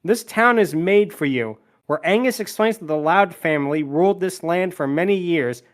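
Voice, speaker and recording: On his podcast, a man with a high voice quickly recaps a movie's story, adding deadpan asides and performing the quoted lines in character.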